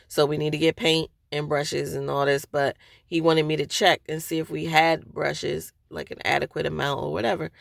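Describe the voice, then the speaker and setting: A woman venting candidly to her viewers from a parked car, hesitant, with many pauses and restarts. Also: low-pitched, creaky, dry recording, studio quality. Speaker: vlogger.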